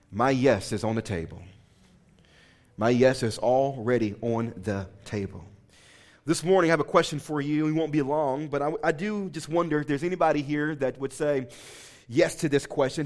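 A man preaching to a congregation, telling a personal story with lively asides and questions to the room. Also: a little high, moderate pace. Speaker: pastor.

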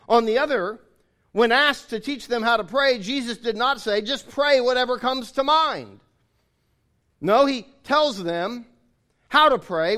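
A man's voice: high-pitched, fairly bright tone. A man preaching a sermon, explaining his points in an earnest way and restating them.

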